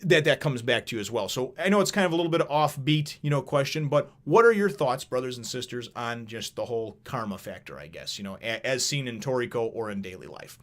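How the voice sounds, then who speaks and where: Fast-talking man rambling through a review. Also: medium pitch, expressive, fairly bright tone. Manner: rambling, profane, chatty. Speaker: manga reviewer. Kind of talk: casual review vlog.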